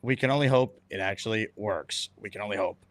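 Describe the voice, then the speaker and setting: A man hosting a casual sports talk show, talking in a quick, upbeat, conversational way. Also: on the low side, a bit bright, no echo. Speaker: sports radio host.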